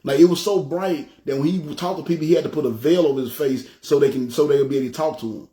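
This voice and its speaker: A man's voice: fairly high pitch, fast talker, dark tone. A man preaching a casual, conversational sermon, loose and repetitive, who often checks in with his listeners. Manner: loose, repetitive, often asks "you know what I'm saying". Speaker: pastor. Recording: echoey room.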